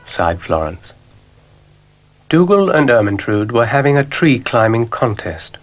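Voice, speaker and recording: A man's voice: fairly low pitch, big pitch swings, unhurried, soft background music. A man narrating a children's stop-motion story in a dry, understated way.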